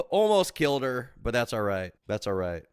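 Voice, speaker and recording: A man's voice: mid-range voice, very animated, normal speed, darkish tone, clear, resonant tone, dry recording, studio quality. A man in his twenties chatting casually with his live stream chat from home, joking, rambling and crude.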